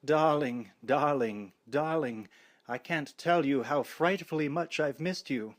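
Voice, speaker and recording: A man voicing a young, slightly effeminate British man from a cheesy old horror film, speaking slowly and theatrically with a put-on British accent. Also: a little high. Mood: theatrical longing. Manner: slow, theatrical, melodramatic.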